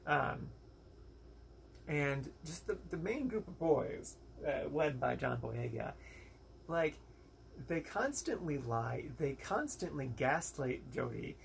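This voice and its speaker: A man's voice: fairly high pitch, creaky, slight background noise. A young American man giving a casual, rambling movie review, frank and exasperated, with lots of fillers and quoted asides. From United States.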